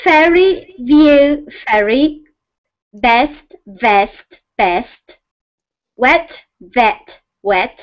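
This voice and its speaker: A woman's voice: sits high, lively intonation, extremely slow. A woman with a British accent reading pronunciation words aloud in an online class, careful and a bit apologetic. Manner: careful, slightly apologetic, laughs. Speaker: student. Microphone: video call. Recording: dull video call audio.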